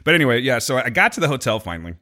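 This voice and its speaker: A young man rambles through a story in casual podcast chat, cursing and laughing as he goes. His voice sits at a middling pitch but swings widely. It has a bright, forceful edge. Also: very animated, very fast. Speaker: podcast co-host.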